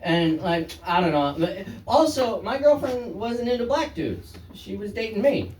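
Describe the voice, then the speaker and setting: A man's voice: high voice, expressive, unhurried, a crowd in the background. A man doing a stand-up set, rambling and self-deprecating, often trailing off. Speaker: stand-up comedian. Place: small room, live audience. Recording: echoey room from far off.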